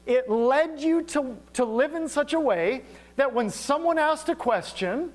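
A man's voice: extremely high pitch, unhurried. A middle-aged male pastor preaching a sermon, telling stories with humor and acting out bits of dialogue. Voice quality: animated, humorous storytelling with acted-out dialogue.

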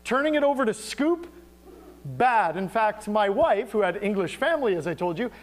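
A middle-aged male pastor preaching a sermon, telling stories with humor and acting out bits of dialogue. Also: very high voice. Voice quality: animated, humorous storytelling with acted-out dialogue.

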